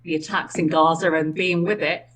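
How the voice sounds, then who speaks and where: Middle-aged woman, Swindon accent, husky, chatty storyteller, animated. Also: low-pitched, normal speed, low-quality recording. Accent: English, Swindon. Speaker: independent election candidate. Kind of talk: casual conversation, recounting events.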